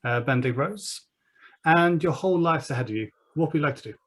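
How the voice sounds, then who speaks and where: A man's voice: on the high side, expressive, brisk. Hesitant man running a tabletop game. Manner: hesitant, many ums and uhs. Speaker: game master.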